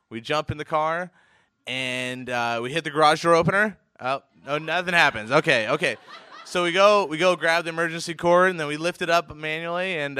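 A man telling a casual personal anecdote in an animated way, chuckling often and restarting his sentences. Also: fairly high pitch, smooth, no echo, studio quality. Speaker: storyteller.

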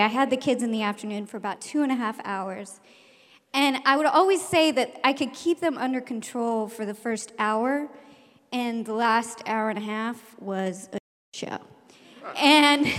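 A woman, a teacher, telling a personal story to an audience, acting out voices and shouting the quoted lines. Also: fairly high pitch, long reverb tail.

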